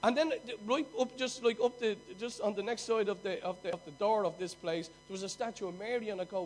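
An Irish man preaching a sermon, telling stories and swinging between loud bursts and hushed drops. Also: high voice, a little fast, hardly any pauses, faint music behind, low-quality recording. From Ireland.

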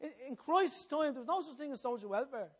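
Very high-voiced impassioned male preacher. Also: animated, fairly quick. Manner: impassioned, repeats phrases, asks the listeners questions. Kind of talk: sermon.

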